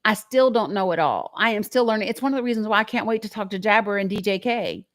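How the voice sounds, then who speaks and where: A woman's voice: medium pitch, quick pace. A woman with a Southern American accent hosting a live-stream talk show, blunt and profane, laughing often and talking straight to her viewers.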